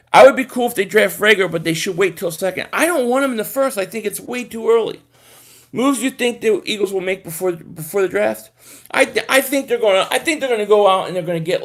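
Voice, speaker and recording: A high-pitched young man, chatting on a live stream. He rambles and repeats himself, excitable and loose, reacting to viewer comments as he goes. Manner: rambling, excitable, repeats words, sings short chants. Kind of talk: casual live stream chat reading comments.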